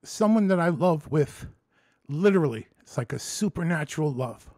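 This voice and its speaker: A man in a candid personal vlog who tells his story with emotion and rambles through many restarts and swear words. He swings between excited storytelling and low, quiet reflection. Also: moderate pace, no room sound, clean studio sound. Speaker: vlogger.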